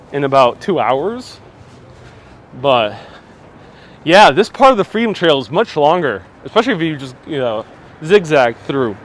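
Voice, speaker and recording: A slightly high-voiced man runs a live outdoor walking tour through city streets, narrating in a relaxed way and reacting to viewer comments. He uses a phone on a handheld gimbal, and there's slight background noise.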